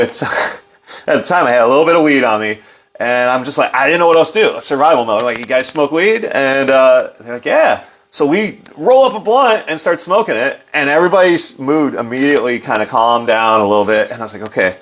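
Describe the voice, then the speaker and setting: A middle-aged man with an animated storytelling manner, loose and full of fillers, acting out quotes in a livelier voice. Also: mid-range voice. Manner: loose, filler-heavy delivery. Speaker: interview guest. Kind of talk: casual storytelling.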